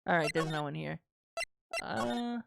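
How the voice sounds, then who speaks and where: A woman's voice: low voice, expressive, unhurried, creaky. A young adult woman streaming a game, chatting casually and playfully and reading the dialogue aloud. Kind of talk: casual playthrough commentary. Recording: game music behind.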